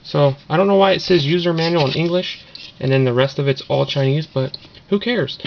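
Man with a gravelly voice, rambling unboxing. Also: fairly high pitch, fairly quick. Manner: rambling, offhand, filler-heavy. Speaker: vlogger doing an unboxing. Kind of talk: casual unboxing commentary. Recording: dull lo-fi camera audio with noise.

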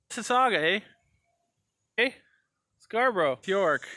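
A man performing a comedy sketch, trading quick back-and-forth lines and tagging them with "eh". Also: sits high, expressive, sharp tone, no echo, studio quality. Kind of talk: comedy sketch, playing several people in turn.

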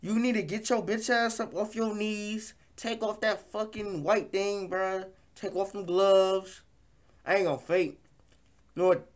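A man hosting a reaction video, giving loud, incredulous, slang-heavy commentary and repeating "bro". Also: high-pitched, fairly even intonation, unhurried. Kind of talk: profane comic reaction commentary.

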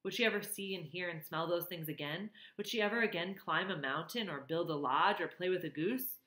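A woman reading a children's novel aloud in an expressive, emotional way. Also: fairly low pitch, a little fast. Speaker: reader. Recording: roomy echo.

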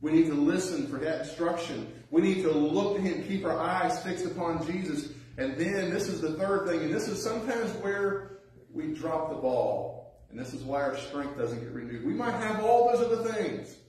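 A man's voice: on the high side, lively intonation, normal speed, a little mellow. A man preaching a sermon, reading scripture aloud and then urging his listeners with earnest, rising emphasis. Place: church sanctuary. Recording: very echoey church hall, mic at a distance.

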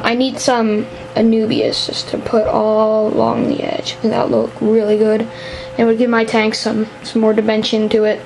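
A woman's voice: on the high side, gravelly, darkish tone, a little hiss or hum, poor audio. A woman giving a casual vlog explainer on an aquarium hobby topic, rambling and hesitant, with lots of restarts.

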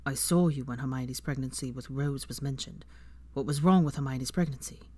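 A fan fiction reader voicing a protective, intense young man in low, hushed tones. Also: moderate pace, natural voice. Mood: urgent.

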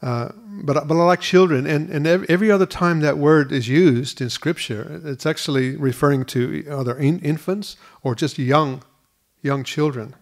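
A man's voice: fairly high pitch, moderate pace. Earnest man preaching a sermon. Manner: earnest, repeats words at restarts. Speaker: pastor. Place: school hall used for church.

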